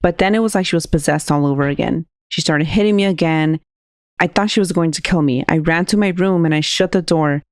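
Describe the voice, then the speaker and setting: A woman's voice: low-pitched, brisk, dry recording, studio quality. A woman co-hosting a podcast, casually retelling a creepy radio call and translating its quotes. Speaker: podcast co-host. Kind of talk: casual storytelling chat.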